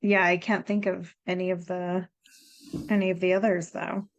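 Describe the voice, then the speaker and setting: A woman's voice: on the low side, flat delivery, moderate pace, dull audio. Woman, podcast co-host, casual chat, thoughtful, empathetic. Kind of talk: casual movie discussion.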